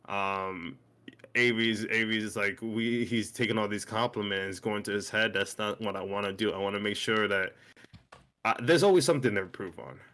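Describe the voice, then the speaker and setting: A man's voice: lowish voice, fairly bright tone. A young man in casual podcast chat, rambling and swearing, with many restarts. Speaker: co-host.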